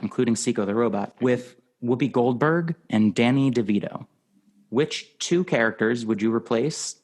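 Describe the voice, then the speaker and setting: A man hosting a podcast in casual chat, talkative and quick to laugh. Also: medium pitch. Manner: chatty and laughing often. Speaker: podcast host.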